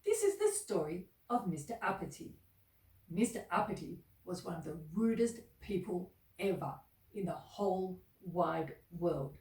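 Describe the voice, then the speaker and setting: A woman reading a children's story aloud in an expressive, sing-song way. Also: lowish voice, unhurried. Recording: echoey room, mic at a distance.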